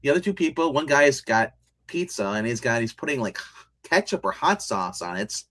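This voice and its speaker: Casting note: man, casual show reviewer, rambling and animated, keeps restarting his sentences. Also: medium pitch, fairly quick. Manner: rambling and animated, many restarts and laughs, retells scenes. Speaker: podcast co-host reviewing a TV show.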